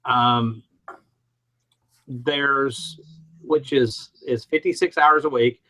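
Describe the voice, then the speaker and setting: A man's voice: medium pitch, fairly even intonation, very slow, sharp tone, poor audio. A middle-aged man from Alabama, chatting on a podcast panel and telling rambling, self-mocking stories. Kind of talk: casual podcast chat.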